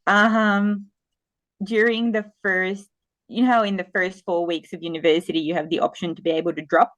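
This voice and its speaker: A woman in her forties from the Philippines, a guest in a casual interview, telling animated stories that often restart mid-sentence. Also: on the low side, moderate pace, dry recording. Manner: animated storytelling with frequent restarts.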